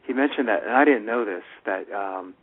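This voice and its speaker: A man's voice: lowish voice, brisk. A man with a New York accent co-hosting a radio talk show, rambling casually with many fillers and restarts. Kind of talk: casual on-air chat. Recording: tinny phone-like radio audio.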